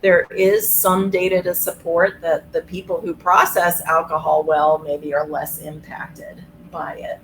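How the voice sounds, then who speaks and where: A woman's voice: low-pitched, flat delivery, measured pace, few pauses, a little hiss or hum, poor audio. A woman doctor hosting a webinar in casual talk, easygoing, with many fillers and restarts. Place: video call.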